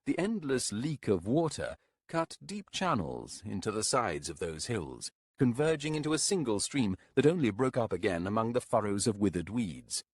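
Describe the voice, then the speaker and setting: A man narrating an audiobook in a measured, descriptive storytelling manner. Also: fairly low pitch, sing-song, husky, no echo, studio quality. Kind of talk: scripted narration.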